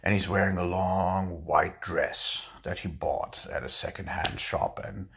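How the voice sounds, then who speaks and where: A man telling a dirty joke in a drawn-out, relaxed storytelling way. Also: low-pitched, vocal fry. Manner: drawn-out, relaxed pacing with fillers.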